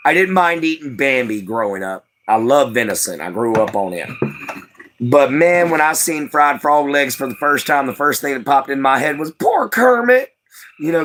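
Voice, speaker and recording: A man's voice: medium pitch, fairly bright tone. A man from Louisiana with a light Cajun accent chats casually with his live-stream audience. He rambles in a folksy way, full of fillers, and sounds tired from lack of sleep. His mid-range voice sits over faint background noise.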